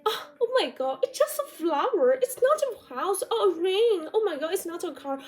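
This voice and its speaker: A woman putting on a sneering, shrill online commenter. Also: sing-song, moderate pace. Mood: mocking. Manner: mocking, exaggerated exclamations.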